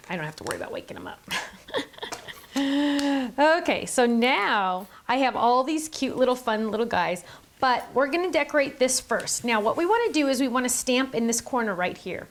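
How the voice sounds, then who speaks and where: A woman's voice: on the high side, slight background noise. A middle-aged woman hosting a card-making tutorial, chatty and enthusiastic, gushing over her supplies. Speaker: craft video host.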